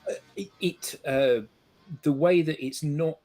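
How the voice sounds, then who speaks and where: A man's voice: a little high, fairly even intonation, measured pace, dark tone. A man co-hosting a casual pub-style chat about albums, eager and sometimes stumbling over his first words. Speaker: podcast co-host.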